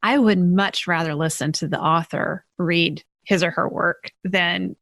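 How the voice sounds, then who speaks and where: A woman's voice: on the low side, fairly even intonation, a little slow, a bit bright, no echo. A woman hosting a business podcast, interviewing a guest and reading a scripted closing call to action. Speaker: podcast host. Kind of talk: interview and show outro.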